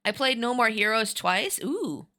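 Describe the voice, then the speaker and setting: A woman's voice: fairly high pitch, expressive, measured pace, bright, forceful tone. Giggly woman streaming a game. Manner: giggly, chatty, reacts to chat. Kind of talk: casual chat while reading a game aloud. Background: game music.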